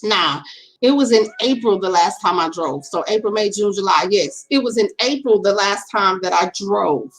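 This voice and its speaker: A woman's voice: medium pitch, normal speed, rough recording. A middle-aged woman telling a personal story in a casual, earnest way, often repeating herself and speaking straight to her viewers. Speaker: vlogger. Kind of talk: casual storytime while doing makeup.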